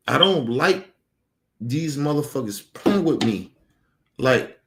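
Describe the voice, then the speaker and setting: A man ranting heatedly about his family, angry, emphatic and full of profanity. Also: mid-range voice. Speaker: streamer. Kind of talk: heated personal rant.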